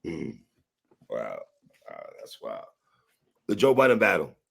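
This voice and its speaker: A man's voice: rumbling low, huge pitch swings, slow pace, creaky, fairly bright tone, breathy edge. A male host asking questions and reacting briefly in a laid-back casual interview.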